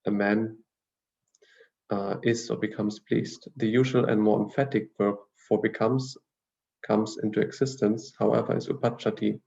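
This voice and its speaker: Male language teacher, dark gravelly tone, steady explanatory lecture, muffled lo-fi audio. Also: fairly low pitch. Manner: measured, explanatory, with frequent fillers and restarts. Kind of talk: lecture reading grammar notes.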